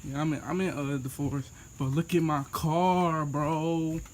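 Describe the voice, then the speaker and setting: Young male vlogger, high-pitched and unhurried, fed-up and repetitive, phone-recorded outdoors with faint insect noise. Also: steady tone, a little mellow. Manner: exasperated, repeating himself. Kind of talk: dramatic vlog walkthrough.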